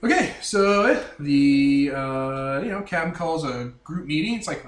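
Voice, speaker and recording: Animated man narrating as game master. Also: on the high side, measured pace, few pauses. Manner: animated, jumping into silly sound effects. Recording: roomy distant mic with faint hiss.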